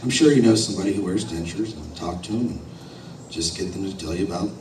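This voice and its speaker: A man's voice: low-pitched, quick pace, pitched below the performer's own voice, natural voice. A man voicing a blunt, matter-of-fact dentist giving a frank verdict. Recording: roomy hall, distant mic, noisy.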